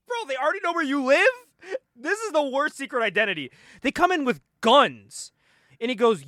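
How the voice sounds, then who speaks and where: A man co-hosting a casual podcast, recapping a comic book with constant laughter and quick acted-out dialogue. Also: very high voice, dry recording, clean studio sound. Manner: animated, laughs often, acts out the characters' lines. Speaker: podcast co-host.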